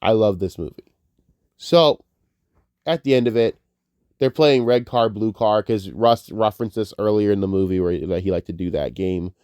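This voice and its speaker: A fairly low-pitched man talks through a movie review in a loose, rambling way, his voice thick with tears. He swears often and circles back on his own thoughts. The sound is dry and close, with no room around it. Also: normal speed, a little mellow, clean tone, no room sound. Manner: emotional, profane, rambling. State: tearful, crying. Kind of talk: casual spoken movie review.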